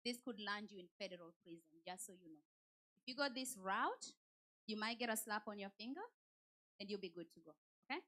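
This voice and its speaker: A woman giving a motivational talk at a church, telling personal stories in a direct and animated way. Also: medium pitch, a little fast. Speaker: women's day speaker.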